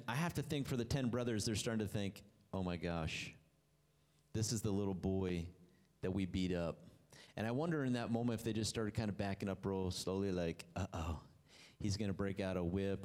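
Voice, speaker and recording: A man preaching a sermon, telling the story with animated delivery that rises and drops low for emphasis. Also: a little fast.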